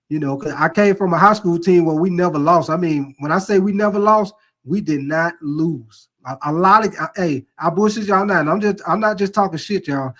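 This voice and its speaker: High-voiced man joking through sports talk. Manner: loose, joking, reads viewer comments aloud; profane storyteller who laughs at his own stories. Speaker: sports show host. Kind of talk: casual live-stream sports talk.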